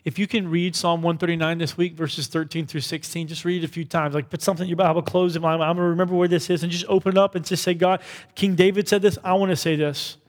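A man preaching to his church in a loose, conversational way, often tossing in "right?" and "like". His voice sits fairly high for a man. Every word trails off into the long reverb of the hall. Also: level tone, fast. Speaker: pastor. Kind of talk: sermon.

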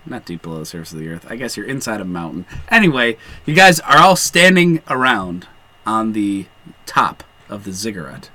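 A man narrating a tabletop game as game master, playful and halting, with many fillers. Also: fairly low pitch, bright, forceful tone, poor audio.

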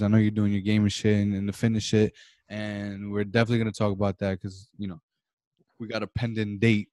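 A young adult man, co-hosting a podcast over a video call, launches into dramatic, mock-passionate rants full of swearing in casual chat. His voice is fairly low, flat and brisk with a warm tone. The recording is dry with clean studio sound.

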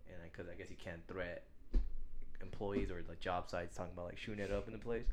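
Very low-voiced laid-back man. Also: fairly even intonation, fast talker, crowd noise. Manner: laid-back, laughing, casual slang. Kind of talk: casual chat.

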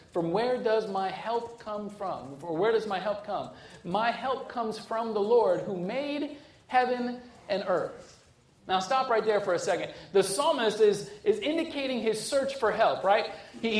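A man preaching a sermon with a fairly high voice that rings in a roomy church hall. He shifts between urgent, rising lines and hushed, quiet stretches. He often restarts phrases with repeated words. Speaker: pastor.

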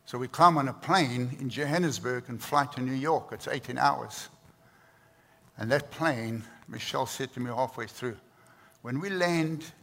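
In a reverberant hall with faint noise, a South African pastor in his 60s delivers a sermon. His mid-range voice sounds creaky, bright, and forceful, and he leans on earnest emphasis and repetition.

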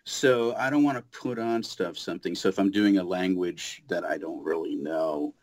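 A man's voice: low voice, normal speed. A man, a voice actor and audiobook narrator, chatting casually as a guest and telling stories with lots of restarts. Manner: animated storyteller, many restarts. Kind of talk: casual interview chat. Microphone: home studio booth.

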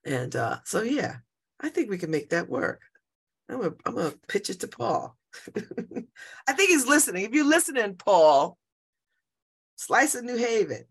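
A woman in her fifties hosts a show and talks casually to her listeners, rambling from one story to the next. Her voice is bright and forceful, and she laughs often and repeats herself as she goes. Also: fairly high pitch, very animated, moderate pace, slightly rough. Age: 50s. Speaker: show host. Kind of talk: casual personal chat.

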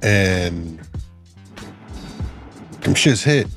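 A young man in casual chat with friends, mellow and sparing with words. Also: low-pitched, expressive, drawn-out words, faint music behind.

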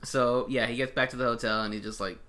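A man's voice: medium pitch, fairly even intonation, fast talker, bright, forceful tone. A young man tells a long story in casual chat, swearing freely and acting out his friends' lines.

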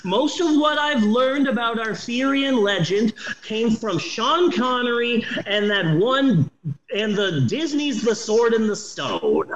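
A man's voice: very high voice, takes it slowly, reverberant, low-quality recording. A man in his forties casually reviewing a movie on a podcast, swearing often and talking with eager enthusiasm. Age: 40s. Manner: animated, swears a lot, enthusiastic.

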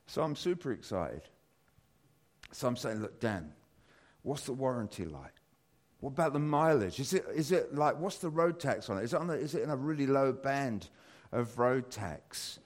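Animated British man telling a story. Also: medium pitch, normal speed. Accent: British English. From Britain. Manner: rambling, animated storytelling with many fillers. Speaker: church speaker. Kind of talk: sermon with personal story.

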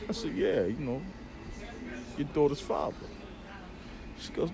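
A man's voice: on the high side, moderate pace, vocal fry, long pauses, a crowd in the background. A man who is a podcast guest, telling a personal story in a casual, profane way and acting out the dialogue. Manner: animated, profane, acts out dialogue.

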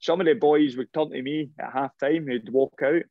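A man's voice: fairly high pitch, normal speed, no room sound. A middle-aged man recounts his playing days in a loose, rambling way, doubling back on his words as he goes. The sound is dry and close with a slightly muffled, dull top end. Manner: rambling, animated anecdotes with repeated restarts. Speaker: former professional footballer. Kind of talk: casual interview storytelling.

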